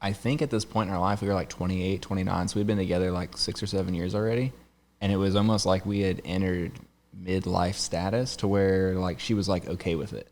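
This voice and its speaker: A man's voice: low voice, fairly even intonation, a little fast, a little mellow. A man in his thirties hosting a podcast, telling long casual stories and laughing often. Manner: rambling storyteller, laughs often. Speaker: podcast host. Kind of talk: casual chat.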